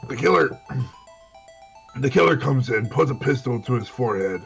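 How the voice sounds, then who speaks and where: A man voicing a gruff, blunt detective with a put-on Brooklyn accent, swaggering and clipped. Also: medium pitch, lively intonation, moderate pace, a bit bright, soft background music.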